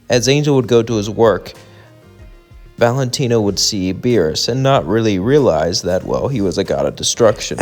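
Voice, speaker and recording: A man's voice: lowish voice, a little mellow. A man narrating a casual fan story in a plain, repetitive way.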